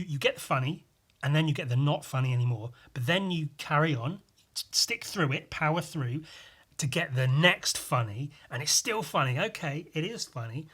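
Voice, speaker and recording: With a fairly high, sharp, slightly rough voice, the young solo podcast host wanders from topic to topic, filling his talk with fillers and swear words.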